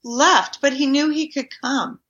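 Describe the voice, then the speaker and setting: A woman with a bright, forward voice tells her stories with energy and acts out what people said to her. She speaks as a guest in an interview. The sound is a bit dull and lo-fi. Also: high-pitched, a little slow. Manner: animated storyteller acting out quoted dialogue. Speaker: guest, community garden minister. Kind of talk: storytelling in a podcast interview.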